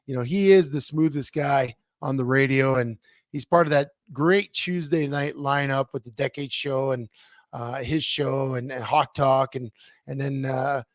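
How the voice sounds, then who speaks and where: A man's voice: mid-range voice, unhurried, no echo, clean studio sound. A man co-hosting a casual sports talk show, telling stories with lots of fillers and restarts over a remote computer mic. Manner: animated storyteller, many fillers and restarts. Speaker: co-host.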